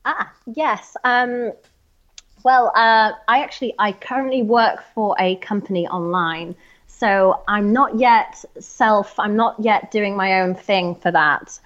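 A woman's voice: mid-range voice, slow, a bit bright. Hesitant English woman on a muffled call. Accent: neutral English, slightly posh. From North Yorkshire, England. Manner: hesitant, full of ums. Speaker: podcast guest. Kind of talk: casual interview chat.

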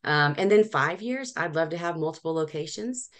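Low-voiced woman, chatty business owner. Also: moderate pace. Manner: animated storyteller, frequent laughs and restarts. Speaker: professional organizer, guest. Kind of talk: casual interview chat.

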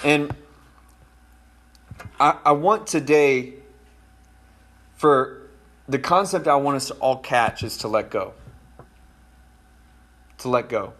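Speaking slowly and pausing often, this animated pastor has a medium-pitched, fairly bright male voice. A father, he preaches conversationally in a folksy manner, speaking right to his congregation.

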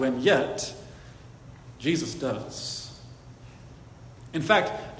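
Pastor preaching, casual and animated, higher male voice, echoey church hall. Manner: casual, animated storytelling with many restarts. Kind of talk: sermon. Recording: echoey hall, faint background hiss.

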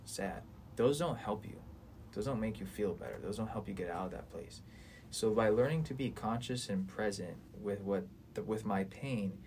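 A man's voice: fairly low pitch, a little mellow, slight background noise. A man in his twenties talking earnestly and at length in a casual podcast conversation, rambling and swearing freely.

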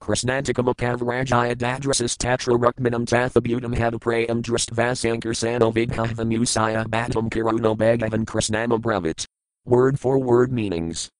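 A man reciting scripture in a measured, methodical cadence, working through each verse, its word meanings and its translation. His voice sits at an ordinary male pitch. The recording is dry and close, with no room around it. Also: flat delivery, no room sound, rough recording. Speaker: scripture reader.

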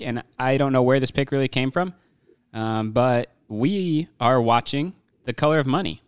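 Upbeat male podcast host, smooth and clear, dry close sound. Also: medium pitch, no echo. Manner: upbeat, joking. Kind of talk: casual chat.

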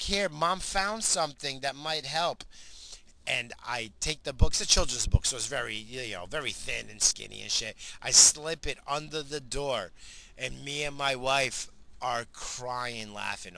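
A man's voice: mid-range voice, sharp tone. A middle-aged man telling a story in a casual monologue, rambling and profane, laughing at his own tale.

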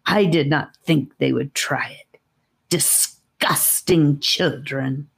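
Woman reading a sly hissing snake lady from a storybook, spits her words, slow and low. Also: vocal fry, husky, full character voice. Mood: whining. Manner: hissing, venomous. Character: sly frightened female snake servant.

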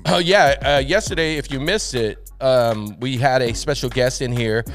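A man's voice: medium pitch, moderate pace, soft background music. A man co-hosting a morning live stream, bantering casually and reading news bits aloud with frequent laughs. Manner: animated, laughs often, reads news items aloud. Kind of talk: casual radio-style banter.

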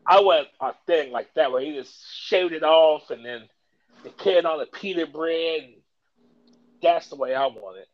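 Animated man on a podcast. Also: a little high, unhurried, highs cut off. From Kentucky, US South. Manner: animated storytelling, laughs often. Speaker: podcast host. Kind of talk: casual chat.

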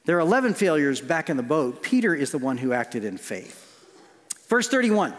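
A man preaching a sermon as pastor, telling stories with restarts and moving between lively and hushed passages. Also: fairly high pitch, moderate pace. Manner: storytelling with frequent restarts, swinging between animated and hushed. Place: church sanctuary. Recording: long church reverb.

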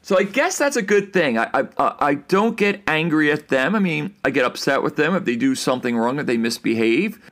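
A middle-aged man hosting a casual solo podcast, ranting in an exasperated, animated way about everyday annoyances. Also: on the high side, a little fast, hardly any pauses. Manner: animated, exasperated ranting with bursts of mock yelling. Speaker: podcast host.

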